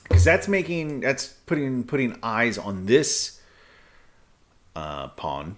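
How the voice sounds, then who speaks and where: A man streaming live chess, thinking aloud in halting, muttered bursts as he calculates moves. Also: mid-range voice, big pitch swings, a bit bright.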